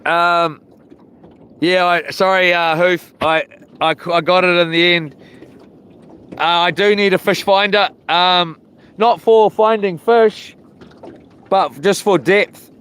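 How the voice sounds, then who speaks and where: Outdoors by the water, a fishing vlogger chats on a live stream in a high, slightly bright, clean voice with fairly even intonation. He speaks slowly with long pauses, laid-back and slangy, chuckling at his own jokes.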